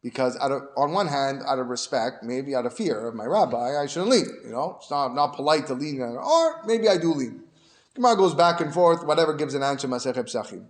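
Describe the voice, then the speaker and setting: A male rabbi giving a Torah lesson, telling a story and building to animated emphasis. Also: mid-range voice, fairly quick.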